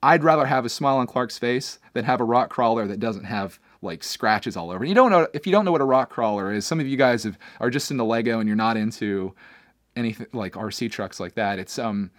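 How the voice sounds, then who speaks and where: A man hosts his own podcast and talks to his viewers in a loose, candid ramble. He keeps circling back and restarting his sentences. His voice sits at an average pitch, recorded close in a dry studio. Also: lively intonation, brisk, no echo. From Pennsylvania, USA. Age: adult, father of a young son. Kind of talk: casual personal podcast monologue.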